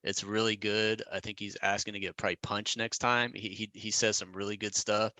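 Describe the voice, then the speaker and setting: A male podcast co-host with a fairly low voice that has a bright, forceful edge. He talks in an easy, advising way and often restarts his sentences. The sound is dry and close, over a video call. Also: fairly quick, no echo. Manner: relaxed, advising, with frequent restarts. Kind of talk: casual podcast chat. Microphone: recorded over a video call.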